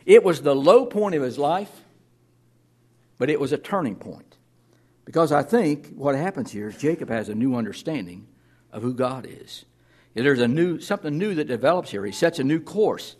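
A man's voice: a little high, lively intonation, moderate pace, a little mellow. A man pastor preaching a sermon in an earnest way, reading scripture aloud and often repeating words as he restarts.

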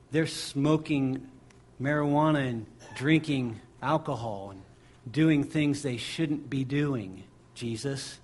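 A man's voice: medium pitch, slow pace, darkish tone, breathy edge. A man preaching a sermon, impassioned and building through repeated phrases. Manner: impassioned, driving repetition.

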